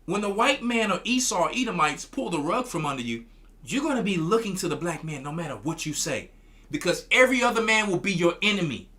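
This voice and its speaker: A man's voice: sits high, very animated, a little fast, sharp tone. A man, a church elder, preaching commentary in a scolding tone, often stumbling and repeating his words.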